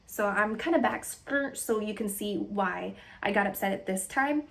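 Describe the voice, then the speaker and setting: A woman's voice: medium pitch, normal speed, vocal fry, a bit bright. A woman in her twenties from Texas, telling a personal story in a candid, emotional, rambling way. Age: 20s. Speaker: vlogger.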